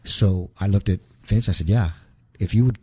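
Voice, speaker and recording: Husky low-voiced man telling a story. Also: dark tone. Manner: halting, repeats words, relives moments aloud. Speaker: guest, wrestler. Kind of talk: casual storytelling interview.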